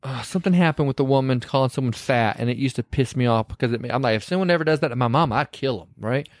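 A man's voice: medium pitch, quick pace, no room sound, studio quality. A man, co-hosting a podcast and recapping a movie in a casual, storytelling way. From Southern US. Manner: animated storyteller who slips into quoted voices. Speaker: podcast co-host.

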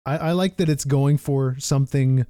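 A man's voice: medium pitch, moderate pace, warm tone, clean tone, dry recording. A man hosting a casual podcast chat, playful, laughing often and sometimes losing his thread mid-sentence. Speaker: podcast host.

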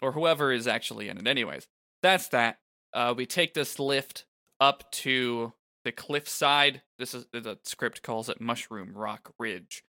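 Bright-voiced man chatting casually. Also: mid-range voice, measured pace. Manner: rambling, laughing, with lots of fillers. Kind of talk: casual chat recapping a game.

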